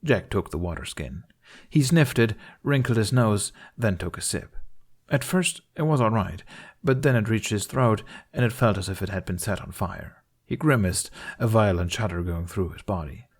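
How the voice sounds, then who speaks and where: A man with a lowish voice narrates a story chapter in an audiobook style. His delivery is calm and measured. He keeps an even, storytelling pace. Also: breathy edge. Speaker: fan fiction reader.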